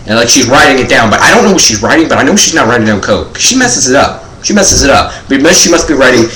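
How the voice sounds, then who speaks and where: A man's voice: mid-range voice, sing-song, brisk, sharp tone, a little hiss or hum. A teenage boy doing a rambling comedic monologue, filling nearly every phrase with "like.". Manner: rambling, filler-heavy, says "like" constantly. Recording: echoey room.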